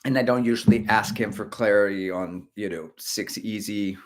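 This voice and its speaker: A man's voice: fairly low pitch, normal speed. Brief: middle-aged male streamer, casual, chatty, reads comments aloud. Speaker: host of a running livestream. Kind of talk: casual livestream chat.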